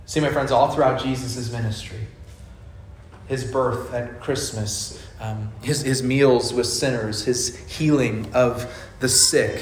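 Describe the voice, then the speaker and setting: A man's voice: mid-range voice, roomy sound, slight background noise. A man preaching a sermon, telling a story and asking the congregation rhetorical questions. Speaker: pastor.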